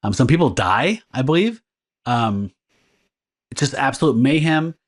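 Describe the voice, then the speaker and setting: A podcast co-host with a medium-pitched, animated, slightly slow voice recaps a comic story. He rambles and laughs through it, using plenty of fillers, in a casual chat about comic books.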